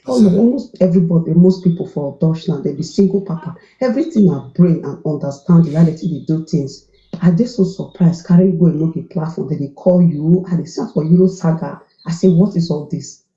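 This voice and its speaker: A Nigerian woman apologizes in a recorded voice note in Pidgin. Her voice is very low and dark. The note sounds dull and roomy. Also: brisk.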